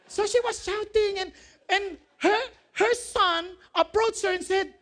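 A man, a pastor, preaching a sermon in an animated way, quoting scripture, asking the congregation questions and laughing at his own jokes. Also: very high-pitched, moderate pace. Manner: quotes scripture, asks the audience questions.

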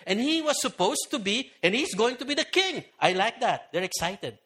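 A man's voice: very high voice, moderate pace, hardly any pauses. A male pastor preaching a sermon, telling the story vividly and acting out voices from the crowd. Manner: animated storyteller voicing crowd members.

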